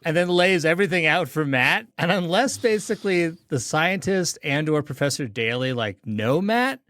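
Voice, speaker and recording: A man's voice: fairly high pitch, animated, normal speed, a bit bright, dry recording. A man co-hosting a podcast in casual chat, critically picking apart the logic of a cartoon plot. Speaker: podcast co-host.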